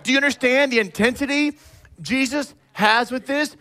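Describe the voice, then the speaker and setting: In a very high-pitched voice, a male pastor preaches animatedly to his flock. He's emphatic, confronts listeners directly, and mimics people in fast little asides.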